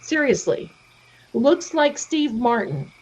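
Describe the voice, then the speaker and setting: Her voice is on the high side, a little mellow with a breathy edge, very animated but slow. She's a middle-aged livestream host telling stories casually and voicing the people she quotes. The recording is dull, lo-fi stream sound.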